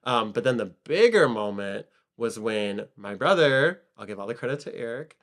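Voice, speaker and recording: A young man with a Michigan accent chats casually as a podcast co-host. He tells his stories with energy and jumps up in pitch when he acts out quoted lines. His voice sits at an ordinary middle pitch. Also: expressive, normal speed, fairly bright tone. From Michigan, USA.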